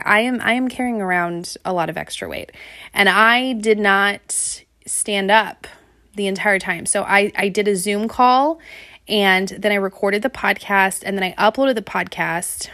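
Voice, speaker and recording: Young woman, podcast host, chatty storyteller who laughs a lot, mid pitch. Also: a bit bright, dry recording, clean studio sound. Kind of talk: casual solo podcast chat.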